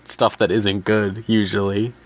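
A man co-hosting a podcast in casual chat, cracking jokes and giving quick opinions. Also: on the low side, little pitch movement. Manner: jokey, quick with wisecracks. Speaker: podcast co-host.

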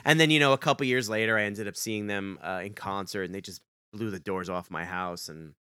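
A man co-hosting a podcast, telling a story in casual chat and acting out the quoted dialogue with big leaps in pitch. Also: a little fast, sharp tone, smooth, no room sound, clean studio sound. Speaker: podcast co-host.

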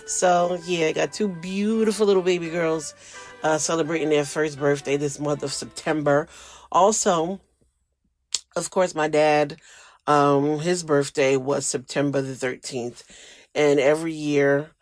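A man's voice: a little high, fairly even intonation, unhurried, no room sound, faint music behind. A man hosting a casual solo podcast, rambling and emotional, sometimes close to tears. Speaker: podcast host.

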